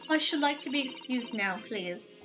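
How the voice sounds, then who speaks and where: A woman's voice: high voice, animated, normal speed, low-quality recording. A woman reading game dialogue aloud, voicing a scornful upper-class Englishwoman with a put-on English accent and a condescending, prim manner. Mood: haughty. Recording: game music behind.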